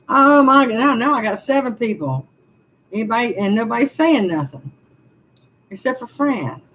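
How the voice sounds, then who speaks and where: Slow-talking older woman venting. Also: on the high side, big pitch swings, fairly bright tone, low-quality recording. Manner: frustrated, sighing, speaks to chat. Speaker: vlogger on a live stream. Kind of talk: casual live-stream venting.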